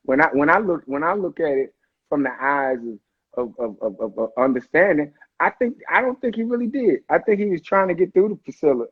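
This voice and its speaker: A man's voice: fairly high pitch, lively intonation, a little fast, breathy edge, narrow, tinny audio. A man on a casual live chat, playful and slangy, often slipping into quoted voices. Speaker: actor guest on a live chat. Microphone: livestream call audio.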